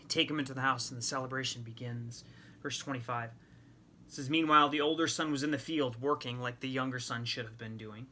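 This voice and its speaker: A middle-aged man teaching a sermon, retelling a scripture story in lively paraphrase and acting out the characters' lines. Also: medium pitch, a little fast, a little hiss or hum. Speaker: men's ministry teacher.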